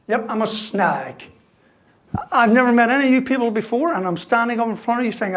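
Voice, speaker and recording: A man's voice: extremely high pitch, animated, fairly quick, slight background noise. Man, fifties, comic motivational speaker, anecdotes with a "right?" after every beat. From Ireland. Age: 50s. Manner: storytelling, punchy jokes, keeps tagging "right?". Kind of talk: humorous keynote speech.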